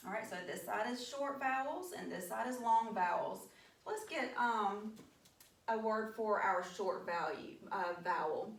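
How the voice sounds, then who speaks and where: A woman teaching a phonics lesson, sounding out letters in a slow, encouraging way. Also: mid-range voice, gravelly. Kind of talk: mock phonics lesson to an imagined class. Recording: echoey room, voice from a distance.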